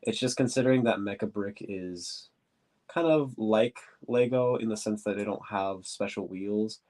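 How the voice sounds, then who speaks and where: Man, stuffy nose, deep low voice, rambling casual stream chat, hunts for words. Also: unhurried, a little mellow. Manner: rambling, searches for words, says quote-unquote often. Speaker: streamer answering viewer questions. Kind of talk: casual livestream chat while building.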